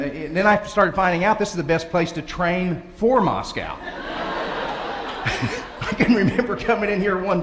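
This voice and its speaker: A man's voice: sits high, noisy background. A man giving a humorous banquet speech as a motivational speaker, telling folksy stories and chuckling often. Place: large banquet hall. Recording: echoey hall recording with faint ambience.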